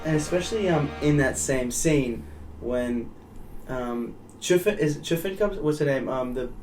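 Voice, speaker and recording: A man's voice: medium pitch, normal speed, a little mellow, far from the mic, soft background music, rough recording. A young man chatting casually as a podcast co-host, slangy and retelling scenes. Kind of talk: casual chat.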